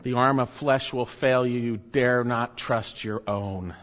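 A man's voice: medium pitch, steady tone, a little slow, a bit bright, in a large hall, lo-fi sound. A man preaching a sermon emphatically, swelling up and then dropping to near murmurs. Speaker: pastor.

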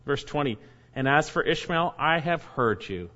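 A man's voice: on the high side, expressive, moderate pace, bright, forceful tone, muffled recording. A man, a pastor, preaching a sermon verse by verse, reading scripture aloud and adding emphatic asides to his listeners.

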